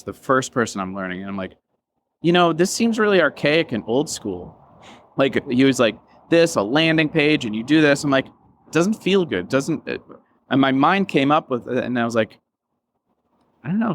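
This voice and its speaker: A man's voice: mid-range voice, a little hiss or hum. Man, interview guest, rambling, emotional, casual swearing, lots of fillers. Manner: rambling, many fillers and self-quotes. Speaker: interview guest, business founder. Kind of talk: candid reflective interview talk.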